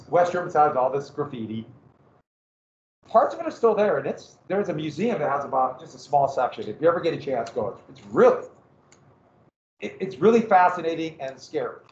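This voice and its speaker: A man giving a history lecture in a lively, conversational way with joking asides. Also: a little high. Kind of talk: classroom lecture. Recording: echoey room, dull lo-fi sound.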